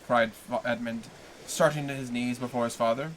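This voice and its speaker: A man narrating a classic novel aloud on a livestream, in a low, even reading voice. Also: fairly quick, slight background noise. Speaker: reader.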